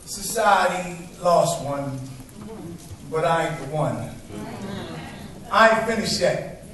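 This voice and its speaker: A man with a high voice delivers spoken word poetry at a live open mic, rhythmic and emphatic in his phrasing. He is heard from some distance through a very echoey room, with faint noise underneath. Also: expressive, slow pace, fairly bright tone. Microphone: stage microphone.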